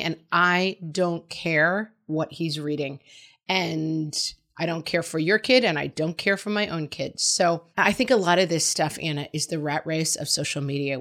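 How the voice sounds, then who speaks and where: A woman with a slightly low voice gives parenting advice in a loose, conversational way. She is frank and emphatic, and she keeps slipping into quick asides as she answers a listener's question. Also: a bit bright. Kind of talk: casual advice talk.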